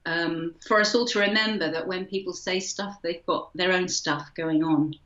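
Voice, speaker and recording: A woman hosting an interview, speaking in a measured, thoughtful way with gentle hedges. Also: fairly low pitch, fairly even intonation, roomy sound, highs cut off. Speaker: podcast host. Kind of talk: reflective interview talk.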